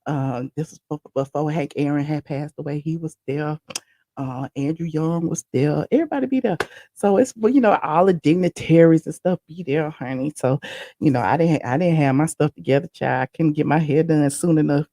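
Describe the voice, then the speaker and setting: Woman, live-stream host, chatty and rambling, slight gravel, dry close sound. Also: low-pitched, normal speed, no echo. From Atlanta, USA. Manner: chatty, animated, rambling asides. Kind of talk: casual live-stream chat.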